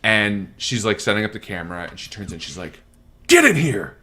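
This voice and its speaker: A man with a fairly low voice chats casually before a tabletop game stream. He tells stories in a loose, rambling way, full of fillers and the odd curse. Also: fairly even intonation, brisk, bright, forceful tone. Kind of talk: casual chat.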